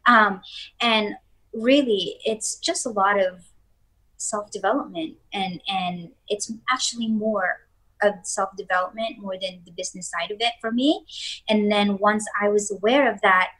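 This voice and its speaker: A woman guest speaking earnestly in a relaxed chat about self-growth, often restarting her sentences. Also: medium pitch, low-quality recording. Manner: earnest, repeats words when starting sentences. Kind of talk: casual motivational chat.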